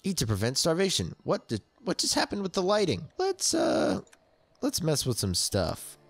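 Jumpy young gamer man, lively voice. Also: a little high, moderate pace, creaky, breathy edge, soft background music. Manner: jumpy, yelps and shrieks when startled. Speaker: let's play gamer. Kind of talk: casual gameplay commentary.

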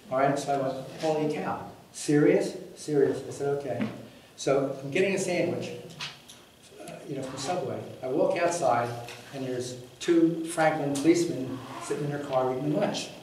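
A man making a public comment at a school board meeting, telling a long, rambling story in a blunt, emphatic way and swearing freely. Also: a little high. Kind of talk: rambling spoken anecdote. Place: large meeting hall. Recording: very echoey hall, mic far off, faint noise.

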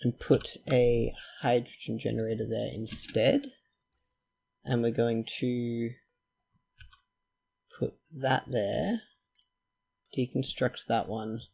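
A gravelly, husky-voiced man narrating his gameplay. He talks at an unhurried pace, chatting to himself and the characters on screen, and he is quick to get excited. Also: medium pitch. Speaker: let's play host. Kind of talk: gameplay commentary.

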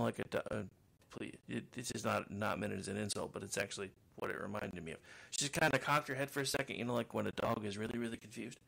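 A man's voice: lowish voice, gravelly, a bit bright. A middle-aged man with a trained radio voice, hosting a podcast and telling a long, rambling, self-mocking story full of restarts. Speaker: podcast host. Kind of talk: casual monologue.

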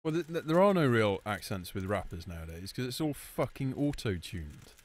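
A man's voice: on the low side, sing-song, normal speed, slight background noise. A man in game voice chat making dry, sarcastic remarks and giving team updates. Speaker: gamer. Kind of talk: voice chat during online game.

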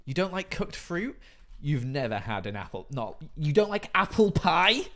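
A man's voice: a little high, big pitch swings, moderate pace, a bit bright. Chatty man streaming live. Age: 30s. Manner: playful, chatty, reads chat aloud. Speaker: livestreamer. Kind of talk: casual live stream chat.

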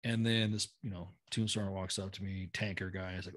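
A man's voice: sits low, little pitch movement, a bit bright. A middle-aged man for whom English is a second language, telling stories bluntly and profanely in casual conversation. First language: not English. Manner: blunt, profane, quick-talking. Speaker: podcast guest, retired army sergeant major. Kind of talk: casual storytelling.

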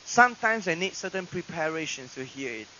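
A male pastor preaching a sermon in a church, swinging dramatically between loud proclamations and hushed asides. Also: a little high, animated, brisk. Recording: dull lo-fi archive recording with hiss.

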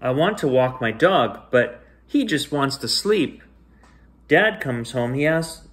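A man reads a picture book aloud as a bedtime story, unhurried and gentle. His voice sits at an ordinary middle pitch, lifting into sing-song highs and sinking to soft hushed lines as the story moves. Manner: gentle, expressive reading with sing-song rises and hushed drops. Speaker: storyteller reading to children.

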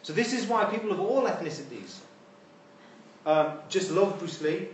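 In a lecture hall, a man with a high-sitting, animated voice gives an informal university lecture at a moderate pace, dropping wry, conversational asides. A distant room mic captures the echoey space with slight background noise.

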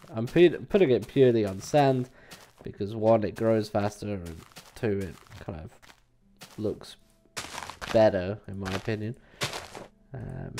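A man's voice: on the low side, gravelly, dark tone, a little hiss or hum. A man giving casual gameplay commentary as a let's play host, rambling and hesitant with many fillers.

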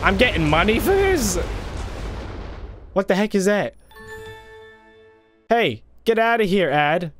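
A man's voice: sits high, very animated, slow pace, pauses often, music in the background. A young man hosting a casual gaming video, talking over gameplay with gasps, exclamations and playful taunts on a desk microphone.

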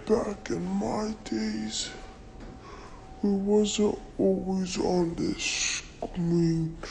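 Woman as a sleepy old turtle, crawling slow delivery, soft dark tone. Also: mid-range voice, gravelly, a little hiss or hum, low-quality recording. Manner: slow, drawn-out rambling.

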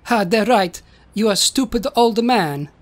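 A woman's voice: mid-range voice, expressive, measured pace, natural voice. A woman voicing a naive, childlike robot in a suit of knight's armor who speaks in broken, simple sentences. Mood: mocking.

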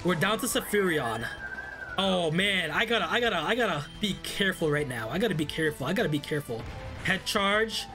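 A man commentating a Let's Play of a fan-made game, excitable and animated, reading the game's dialogue aloud. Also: high-pitched, fairly quick. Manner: excitable, animated, reads game text in put-on voices. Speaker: gaming YouTuber. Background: faint game music.

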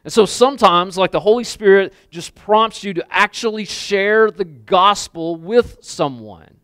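Male pastor, casual conversational sermon, slightly high voice, smooth and clear, dry close sound. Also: unhurried, fairly bright tone, dry recording. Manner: casual, conversational preaching with many "like" fillers and repeats. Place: church sanctuary with a congregation.

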